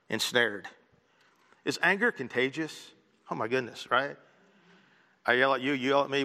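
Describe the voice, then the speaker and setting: A man's voice: on the high side, bright, forceful tone, long reverb tail. A male pastor preaching a sermon in a casual, conversational way, with joking asides.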